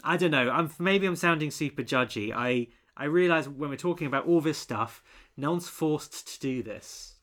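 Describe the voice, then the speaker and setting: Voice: mid-range voice, normal speed, a bit bright. A co-host reviewing a film in casual chat, rambling with many restarts and fillers.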